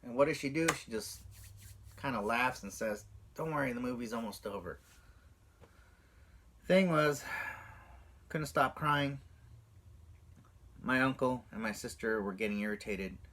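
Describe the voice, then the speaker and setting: A man's voice: unhurried, long pauses. A man vlogging casually to camera, recounting a childhood movie memory and acting out quotes with big jumps in his voice. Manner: animated, acts out quotes with big pitch jumps.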